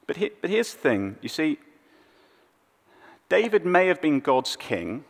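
A male preacher giving a sermon, telling the story expressively and dropping soft on the sad moments. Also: fairly high pitch, very animated, unhurried, creaky. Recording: long hall reverb.

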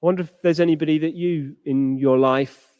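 Male preacher with a high voice giving a sermon, dry close sound, acts out the people in his story. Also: steady tone, brisk, clean tone, dry recording, in a large hall, narrow, tinny audio. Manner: acts out quoted characters with rising pitch.

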